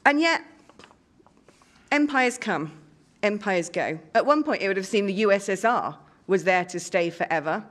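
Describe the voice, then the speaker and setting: A woman of middle pitch speaking from a conference panel. Her delivery is emphatic and defiant, building each point like a rallying speech. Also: expressive, normal speed, fairly bright tone. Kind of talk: rousing political speech. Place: conference hall.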